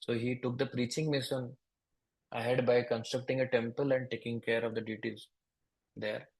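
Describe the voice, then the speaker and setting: The Indian English-accented preacher's delivery is flat here, his mid-range voice darkish and slightly rough, and the audio poor. Taking his time, he narrates a devotional story, playing each character's lines in a small voice and repeating words.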